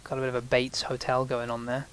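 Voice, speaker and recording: Quick-paced and monotone, this medium-pitched male voice carries slight background noise. It belongs to a gaming channel host doing casual let's-play commentary, rambling as he plays and making fun of himself.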